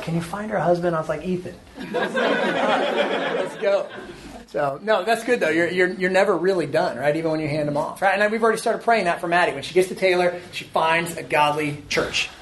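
A man's voice: on the high side, fast, few pauses. Man in his forties, church class leader, chatty and self-deprecating, roomy room with faint hiss. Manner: earnest, self-deprecating, conversational. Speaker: church teacher leading a parenting discussion. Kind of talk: informal church talk with audience questions. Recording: echoey room, faint background noise.

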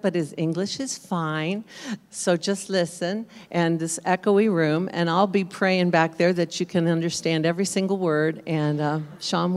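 A woman introducing a guest speaker to a church youth group, telling a story in a chatty, rambling way. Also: fairly low pitch. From United States. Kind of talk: informal talk to a church youth audience. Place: echoey church room. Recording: echoey room with long reverb.

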